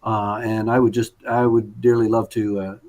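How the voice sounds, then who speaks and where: A man's voice: fairly low pitch, flat delivery, normal speed, muffled recording. Male conductor giving glowing feedback. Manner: warm praise, many fillers and restarts. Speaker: conductor and judge. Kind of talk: spoken feedback on a performance.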